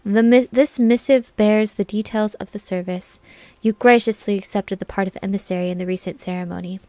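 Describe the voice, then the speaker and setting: A woman's voice: medium pitch, fairly even intonation, fairly quick, darkish tone, no room sound, lightly acted. A woman voicing a gracious elder woman who leads a forest city, reading formal lines aloud with small stumbles. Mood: solemn.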